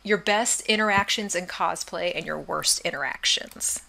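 A woman co-hosting a casual chat, bubbly and quick to laugh. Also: on the low side, creaky, pushed and bright. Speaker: podcast co-host. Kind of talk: casual chat about cosplay.

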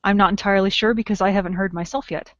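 A woman's voice: medium pitch, steady tone, very fast, a bit bright, no echo, muffled recording. A woman hosting a casual podcast in an upbeat, chatty way. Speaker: podcast host.

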